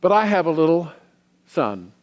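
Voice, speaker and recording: A middle-aged man giving a sermon as a guest minister. He tells personal stories in a reflective way, with pauses. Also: a little high, sing-song. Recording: long hall reverb.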